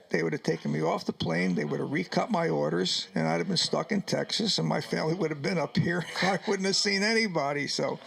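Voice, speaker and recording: A man's voice: a little high, gravelly, fairly bright tone. An older man from New York telling his wartime story in a radio interview, acting out the dialogue as he goes and choking up at times. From New York, United States. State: choked up at times. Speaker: Vietnam veteran guest.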